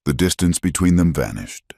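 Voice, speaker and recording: A man narrating a western romance story in a measured, dramatic storytelling style. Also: low-pitched, expressive, vocal fry, darkish tone, no room sound, clean studio sound. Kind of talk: scripted narration.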